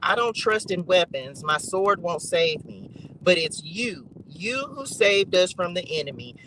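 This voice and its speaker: A high-voiced man reads psalms to a live chat, leaning into repeated words and dropping colloquial asides. His tone is bright and ringing, with a faint hiss of noise behind him. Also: expressive, measured pace, poor audio. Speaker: online faith reader and streamer.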